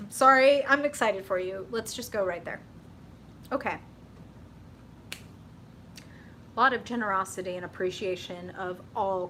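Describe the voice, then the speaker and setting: A woman hosting a live tarot reading stream, chatty and excitable, with lots of fillers and laughter. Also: medium pitch, slight background noise.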